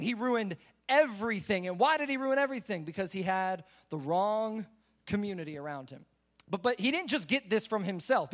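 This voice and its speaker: A man's voice: sits high, fairly bright tone. A young man preaching a sermon in a casual, conversational way, often saying "like" as he retells a Bible story. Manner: conversational, says "like" a lot.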